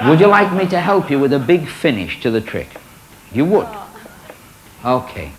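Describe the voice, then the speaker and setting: A man with a higher-pitched voice and moderate pace hosts a magic show before a live audience, teasing them with lively, comic showman banter. Studio audience laughter and noise fill the recording.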